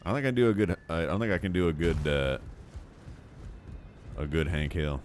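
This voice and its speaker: Low-voiced, lively joking male streamer. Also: moderate pace, pauses often, faint music behind. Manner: jokey, rambling, muttering to himself. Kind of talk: casual gameplay commentary.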